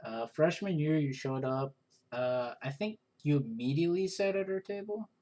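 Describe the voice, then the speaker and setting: A young man co-hosting a podcast, chiming in with short, relaxed remarks. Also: a little high, moderate pace. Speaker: podcast co-host. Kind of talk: casual chat.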